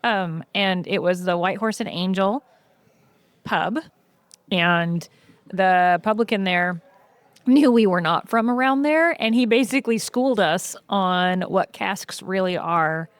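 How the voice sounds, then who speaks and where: A woman guest in casual podcast chat, telling lively stories with frequent "um"s. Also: mid-range voice, measured pace, dry recording. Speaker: podcast guest, brewery co-owner.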